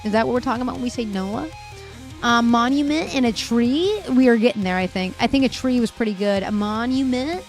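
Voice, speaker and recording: A woman's voice: on the high side, a little fast, soft background music. A young woman livestreaming, chatting playfully with her viewers, reading their comments aloud and laughing often as she thinks aloud.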